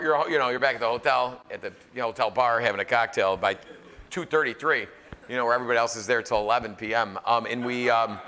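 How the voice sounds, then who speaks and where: Bright-voiced joking man telling stories. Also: mid-range voice. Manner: animated, joking, filler-heavy. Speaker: celebrity chef telling stories to a live audience. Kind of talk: casual storytelling to a crowd. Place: live event venue.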